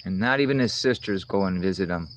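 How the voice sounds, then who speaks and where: A low-voiced man rambles through a casual outdoor livestream, answering chat and swearing freely. Faint insect and cricket noise hums behind him. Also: quick pace, poor audio. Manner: rambling, profane, talks back to chat comments. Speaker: livestream host reading chat.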